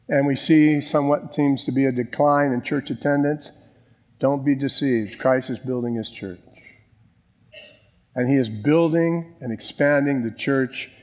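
A man preaching a sermon as pastor, emphatic, with slow, drawn-out stresses on key words. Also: mid-range voice, darkish tone, long reverb tail.

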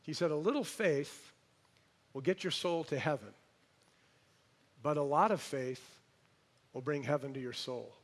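A man preaching a sermon, telling a story in an animated way and praying. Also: a little high, a little slow, pauses often. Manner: storytelling, animated, imitates voices.

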